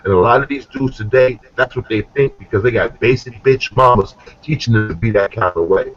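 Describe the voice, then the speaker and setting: Husky man telling stories, lo-fi sound. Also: medium pitch, a little fast. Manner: loose, profane, storytelling with acted-out quotes. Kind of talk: casual chat. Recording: dull lo-fi recording.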